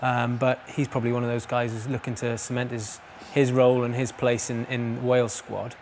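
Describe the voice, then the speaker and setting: A man giving sports punditry in a halting way, with many pauses and restarts. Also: medium pitch, level tone, a little mellow, a little hiss or hum. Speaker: studio pundit. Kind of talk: casual sports chat.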